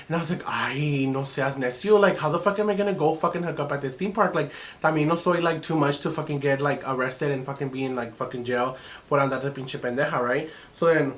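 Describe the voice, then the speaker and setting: Animated young man telling a storytime. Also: on the high side. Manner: animated, profane, mixes Spanish into English. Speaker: vlogger. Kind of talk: storytime vlog.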